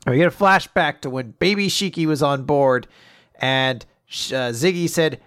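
Casting Male podcast co-host, smooth clear voice, slightly high, dry close recording, recaps plots while jumping into character voices. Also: a bit bright, no room sound. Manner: recaps the plot acting out character lines in quick voices. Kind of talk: casual chat.

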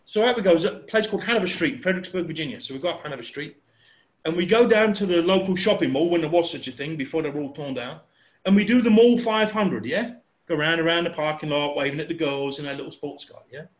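A man in his sixties telling a casual, animated anecdote, chatty and acting out sounds and voices. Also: on the high side, fast talker, roomy sound. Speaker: storyteller.

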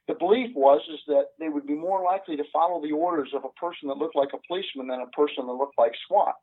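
A man's voice: a little high, slightly rough. Older man on a tinny phone line. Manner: earnest, halting with many "uh" fillers. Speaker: retired police sergeant. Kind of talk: telling a story in an interview.

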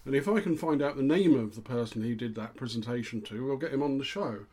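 A man's voice: mid-range voice, fast talker, warm tone, husky. Guy cohost, middle-aged, dry self-mocking humour. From England. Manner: dry, jokey, self-deprecating. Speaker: co-host. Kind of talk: casual chat.

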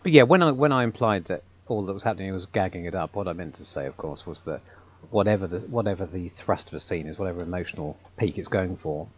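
A man with a fairly low voice holds forth in a relaxed podcast chat, putting his points in long, articulate sentences with a dry, wry edge. His audio sounds slightly muffled and lo-fi. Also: quick pace, few pauses, a little hiss or hum. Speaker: podcast co-host, audio drama writer. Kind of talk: casual podcast discussion.

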